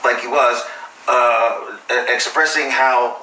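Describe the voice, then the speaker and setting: An actor playing a hesitant man who tells a story haltingly with many pauses and restarts. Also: mid-range voice, steady tone, sharp tone, far from the mic, a little hiss or hum. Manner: halting, full of fillers and restarts. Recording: roomy and off-mic.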